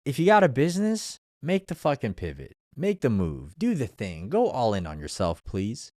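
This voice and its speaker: A man's voice: mid-range voice, wildly swooping pitch, normal speed, darkish tone, no echo, clean studio sound. A young man hosting a show, giving a blunt, profane motivational monologue full of pushy rhetorical questions. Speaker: show host.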